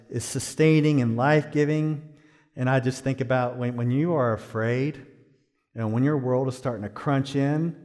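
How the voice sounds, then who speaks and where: Middle-aged pastor man preaching, goes quiet then loud, long hall echo. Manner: swings from hushed, slow phrases to loud, high exhortation. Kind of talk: sermon.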